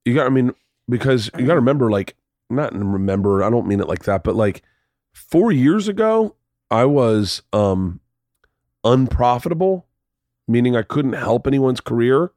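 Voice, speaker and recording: A man's voice: medium pitch, expressive, moderate pace, a little mellow, no echo, clean studio sound. A man hosting a podcast, telling stories in casual chat, swearing freely and acting out the voices of people in his stories. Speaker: podcast host.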